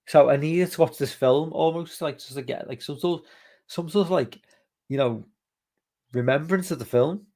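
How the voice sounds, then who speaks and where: A man's voice: a little high, normal speed, a little mellow. A male podcast host rambling casually on a live stream, reading viewer comments aloud and swearing freely. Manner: rambling, loose, swears freely, many fillers.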